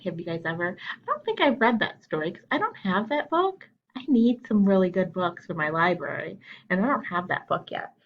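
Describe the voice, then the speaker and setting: A woman's voice: lowish voice, creaky, highs cut off, slight background noise. A woman teacher reading a children's picture book aloud, asking the children questions and explaining words as she goes. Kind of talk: children's storytime read-aloud.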